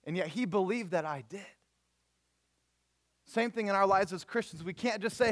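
Casual, animated young male preacher. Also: high voice, fairly quick. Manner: animated storytelling with voiced characters, casual slang. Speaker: youth preacher. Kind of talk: sermon.

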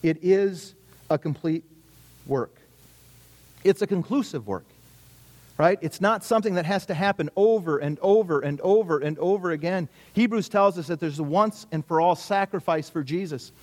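A middle-aged man delivers a sermon in a relaxed, conversational tone. His voice sits a little high for a man. He leans on rhetorical questions and repetition to drive his points home. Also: moderate pace. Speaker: pastor.

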